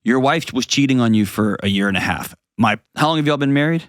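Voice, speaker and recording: A man's voice: mid-range voice, animated, fast talker, no room sound, clean studio sound. A man hosting a call-in advice show, talking bluntly and earnestly to a caller and telling stories.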